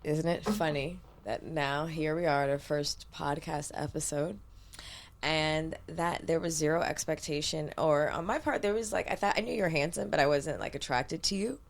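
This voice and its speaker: A woman's voice: sits low, normal speed, vocal fry. A woman co-hosting a podcast as a sexologist, talking candidly and swearing freely in casual chat from a recording studio.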